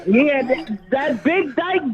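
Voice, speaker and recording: A woman's voice: high voice, expressive, slow pace. A middle-aged woman calling in, taunting and bluntly profane in an argument. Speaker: caller. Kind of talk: call-in argument. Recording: muffled call-in line under loud crowd.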